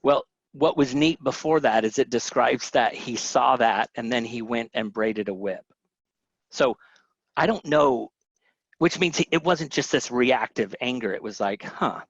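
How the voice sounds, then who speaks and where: A man's voice: medium pitch, measured pace, dry recording. A middle-aged man with a Southern American accent, teaching a family health webinar in a casual, chatty way, often restarting sentences. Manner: chatty, self-interrupting storyteller who acts out quotes. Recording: dry, dull lo-fi webinar audio.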